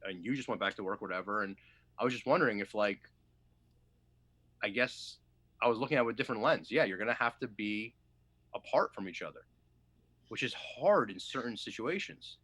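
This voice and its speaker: Man, podcast co-host, bright forceful tone, dry close sound, rambling and profane. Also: lowish voice, animated, fairly quick, pauses often, no room sound. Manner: rambling, profane, loses his thread. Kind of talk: casual chat.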